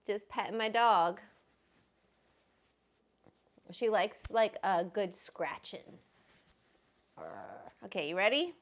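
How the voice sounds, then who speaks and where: A woman's voice: medium pitch, big pitch swings, unhurried, pauses often. A woman hosting a casual livestream, chatty and rambling as she greets viewers by name. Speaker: host.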